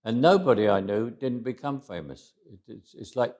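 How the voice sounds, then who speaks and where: A man's voice: medium pitch, lively intonation, moderate pace, a little mellow. A man in his eighties recounting stories in an interview, reflective and often restarting his words. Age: 80s. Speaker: interview guest. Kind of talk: anecdotal interview storytelling.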